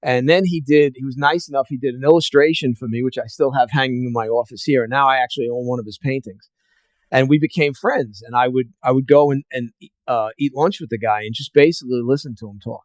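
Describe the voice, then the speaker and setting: A man's voice: mid-range voice, quick pace, no room sound. Guy telling martial arts stories on a podcast, lots of uhs and ums, dry close sound. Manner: rambling anecdotes with many fillers, acting out quoted voices. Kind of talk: casual storytelling interview.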